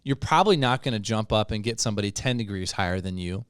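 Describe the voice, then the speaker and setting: A young man co-hosting a casual podcast, his voice smooth and clean with a dry, close sound. He tells stories in an easygoing way and breaks into laughs as he talks. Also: on the low side, fast talker, a bit bright, dry recording. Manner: laughs often while telling stories. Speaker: podcast co-host.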